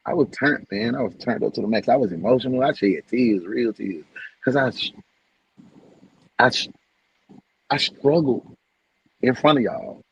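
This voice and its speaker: A man hosting a casual livestream, heartfelt and repetitive, shouting out viewers by name. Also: mid-range voice, animated, normal speed, gravelly, pauses often, husky, lo-fi sound. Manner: heartfelt, preachy, repeats phrases. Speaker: livestream host.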